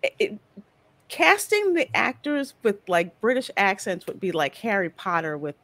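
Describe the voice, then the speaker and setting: A woman's voice: medium pitch, big pitch swings, normal speed, a bit bright, no echo. A woman hosting a casual livestream chat about movies and reading out viewer comments. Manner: chatty, reads viewer comments aloud. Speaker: livestream host.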